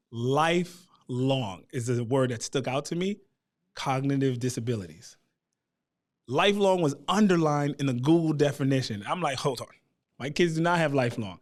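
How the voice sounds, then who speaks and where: A guest in his thirties with a medium-pitched voice tells a personal family story in an animated way, acting out the voices of the people he quotes.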